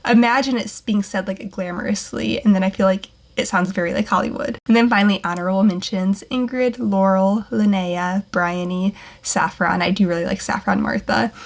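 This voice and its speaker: A woman's voice: medium pitch, steady tone, moderate pace, vocal fry. A young woman working as a baby name consultant, talking casually and upbeat with lots of fillers. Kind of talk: casual talking-head vlog.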